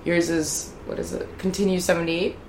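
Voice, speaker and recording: A woman's voice: on the low side, little pitch movement, moderate pace. A woman co-hosting a candid podcast from her living room, talking bluntly and profanely with frequent giggles. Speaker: podcast co-host. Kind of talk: candid casual chat. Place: living room in a city apartment. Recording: roomy room with loud street noise.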